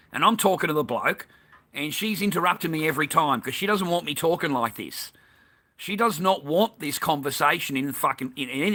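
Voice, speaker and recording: Bright-voiced Australian man ranting, profane. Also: on the high side. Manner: profane, heated and repetitive. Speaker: vlogger. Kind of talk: angry ranting monologue.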